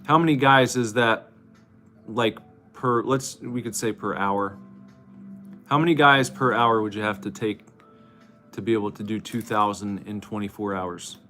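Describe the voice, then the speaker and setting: Guy hosting a stream, playful jokey chat, kinda low but bright, little music in the back. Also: measured pace, long pauses. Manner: joking, playful banter. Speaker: streamer host. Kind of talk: casual livestream chat.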